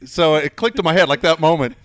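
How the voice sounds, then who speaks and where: Animated, profane middle-aged male storyteller. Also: a little high, quick pace, no echo, clean studio sound. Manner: animated, profane, acts out quarrels in a raised voice. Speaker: podcast host and sports media reporter. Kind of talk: casual storytelling.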